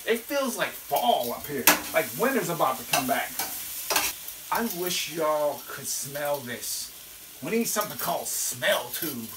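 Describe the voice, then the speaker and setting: Sizzling pans and a noisy, echoey kitchen surround this distant-mic recording of a cooking show host at the stove. The medium-pitched voice swings widely in pitch at a slightly slow pace, folksy and casual, with frequent "okay?" check-ins and sudden whoops.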